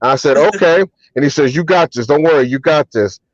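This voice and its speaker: A man, a hip hop artist and DJ, telling relaxed anecdotes as an interview guest, with many ums and restarts. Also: on the high side, fairly quick, no echo, dull audio. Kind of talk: casual storytelling interview.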